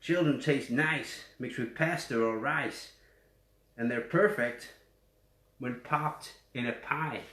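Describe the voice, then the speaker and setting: A man's voice: mid-range voice, slow, a bit bright. A man with a West Yorkshire accent reading a children's story aloud, with chatty asides to young listeners. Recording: roomy echo.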